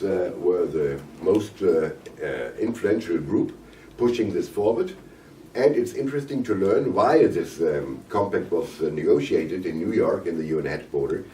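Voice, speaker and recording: Hoarse German-accented man, low voice. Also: warm tone, a little hiss or hum. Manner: halting, many fillers and restarts. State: hoarse, coughing. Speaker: visiting parliamentarian at a press conference. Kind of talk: press conference remarks in English. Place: conference room. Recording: roomy, distant mic, faint ambience.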